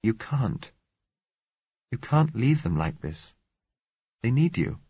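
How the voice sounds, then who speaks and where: A male narrator voicing a quiet young woman under twenty who speaks softly and a little unsteadily. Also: medium pitch, very animated, takes it slowly, husky, no echo, lo-fi sound, pitched above the performer's own voice, exaggerated voice. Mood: pleading. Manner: soft and pleading.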